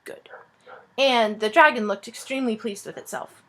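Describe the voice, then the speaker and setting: Expressive woman reading a children's book aloud. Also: a little high, normal speed. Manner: lively, expressive. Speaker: reader. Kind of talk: storybook read-aloud narration.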